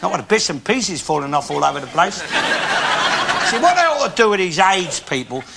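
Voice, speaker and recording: A ranting old bigot. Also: male voice, sits high, big pitch swings, moderate pace, gravelly, very noisy, full character voice. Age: 70s. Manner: grumbling, ranting, swears often. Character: cantankerous old working-class London bigot. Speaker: comedian in character. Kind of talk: stand-up monologue to a live audience. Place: theatre stage. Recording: live TV show with loud audience laughter.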